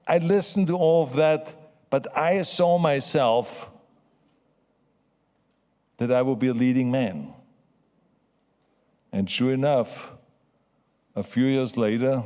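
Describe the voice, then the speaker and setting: A man's voice: medium pitch, a little slow, pauses often, a little mellow. A man in his seventies with a foreign accent giving an emphatic motivational acceptance speech, repeating his key phrases. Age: 70s. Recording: long hall reverb.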